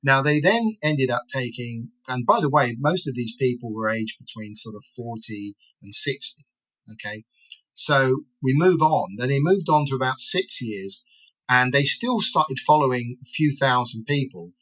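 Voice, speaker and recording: A man's voice: medium pitch, animated, moderate pace, a bit bright, poor audio. A man being interviewed as an expert guest, explaining in a lecturing way and tagging his points with "right?" and "okay?".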